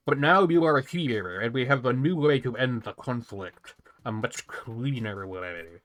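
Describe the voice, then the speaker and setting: A man voicing a haughty female alien hive ruler from a video game, reading her lines slowly and solemnly. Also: medium pitch, animated, a bit bright. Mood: imperious. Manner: slow, solemn, commanding delivery. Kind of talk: reading game dialogue aloud in a voice.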